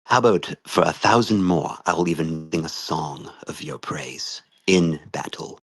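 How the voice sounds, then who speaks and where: A man voicing a male adventurer who speaks for his group, flattering and persuading a merchant. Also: rumbling low, unhurried, breathy edge, dry recording, heavily acted. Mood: persuasive. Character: smooth-talking male adventurer, the group's spokesman.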